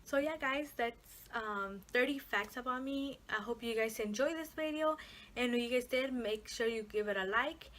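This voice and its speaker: A woman's voice: a little high, moderate pace, a bit bright. Rambling young woman vlogger. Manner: rambling, many fillers and swearing. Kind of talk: casual chat to camera.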